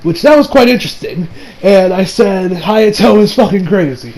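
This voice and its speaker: A man reviewing an anime episode in a casual, excitable recap, rambling with restarts and swearing. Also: high-pitched, normal speed.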